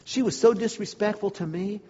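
Husky, high-voiced man telling a story. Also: moderate pace, in a large hall, dull audio. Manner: animated, shifts between loud and hushed. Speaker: storyteller speaking to an audience. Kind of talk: humorous personal story before a live audience.

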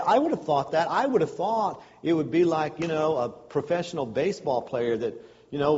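A man's voice: fairly high pitch, a little mellow. A man preaching a sermon, reading scripture and explaining it in a conversational, folksy way. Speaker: pastor. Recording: dull sound with long hall reverb.

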